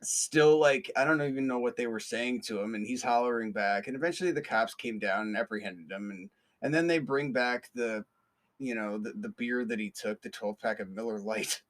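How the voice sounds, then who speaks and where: Guy on his podcast rambling thru a story, lots of um and you know, swears a bunch, mid pitch voice. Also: moderate pace, fairly bright tone. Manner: rambling, many fillers and restarts, profane. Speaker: podcast host. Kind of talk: casual storytelling monologue.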